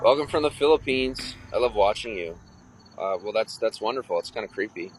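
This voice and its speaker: Man, very deep voice, casual livestream chat, crude, boastful, rambling, noisy background. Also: animated, fairly quick. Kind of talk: casual livestream chat, reading viewer comments.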